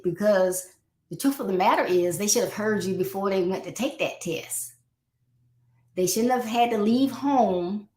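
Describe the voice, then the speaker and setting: A woman's voice: on the low side, a little mellow. A woman life coach hosting a live parenting advice talk, speaking conversationally and acting out exchanges between parents and children. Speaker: life coach and show host. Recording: roomy echo.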